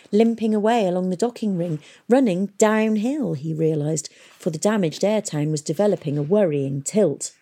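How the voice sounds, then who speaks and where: Audiobook narrator, woman, mellow low voice, measured and expressive.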